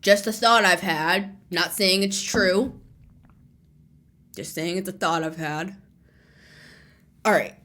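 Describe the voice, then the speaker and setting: A woman's voice: fairly low pitch, takes it slowly, long pauses, a bit bright. A woman tarot reader musing aloud in a casual spiritual monologue, laughing often and dropping at times to a near-whisper.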